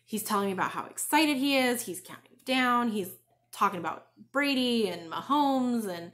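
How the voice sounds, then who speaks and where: A woman's voice: fairly high pitch, animated, normal speed, fairly bright tone. A woman hosting a crafting podcast from home, telling a story in a chatty, casual way. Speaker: crochet and knitting podcast host. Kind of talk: casual chat. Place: home, in front of a bookshelf.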